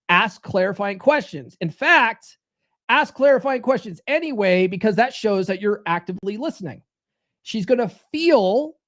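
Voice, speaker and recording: A man delivers a podcast monologue as a dating coach. He talks bluntly and swears freely. He drills his points by repeating them. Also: high-pitched. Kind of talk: podcast monologue giving advice.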